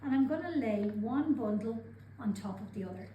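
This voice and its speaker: A woman calmly talking through each step of a craft demonstration as she works with her hands. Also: on the high side, moderate pace, lo-fi sound, heavy background noise. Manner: calm, methodical, narrating her own actions. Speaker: craft instructor. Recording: roomy sound with clear background ambience.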